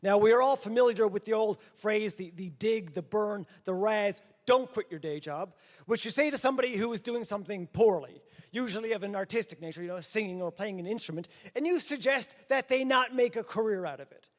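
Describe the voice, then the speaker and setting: High-voiced man doing stand-up. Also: a little fast. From Newfoundland, Canada. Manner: playful, self-deprecating, punchy delivery. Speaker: comedy festival host. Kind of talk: stand-up comedy. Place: large theater with live audience. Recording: hall reverb, crowd and noise behind.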